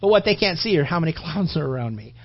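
A man preaching a sermon, telling a story with lively character voices and then drifting into a relaxed personal anecdote full of restarts. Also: on the high side, fast, lo-fi sound. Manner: animated storytelling preaching, voicing characters, rising loud then dropping soft; conversational anecdote with fillers and restarts. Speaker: pastor.

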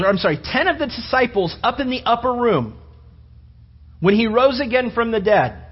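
A man preaching a sermon, telling the story with animated storytelling and acting out the disciples' voices. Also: sits high, breathy edge, lo-fi sound. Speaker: pastor.

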